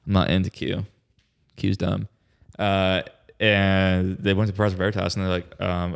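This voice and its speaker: Brief: young male podcast co-host, low voice with heavy vocal fry, loose rambling delivery. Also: flat delivery, unhurried. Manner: rambling, filler-heavy storytelling. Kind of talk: casual chat.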